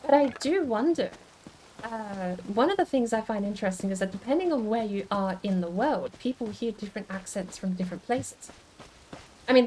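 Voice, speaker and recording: A woman's voice: mid-range voice, a little mellow, slight background noise. Chatty musing woman streamer. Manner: chatty and musing, with many restarts; answers chat comments aloud. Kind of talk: casual stream chat.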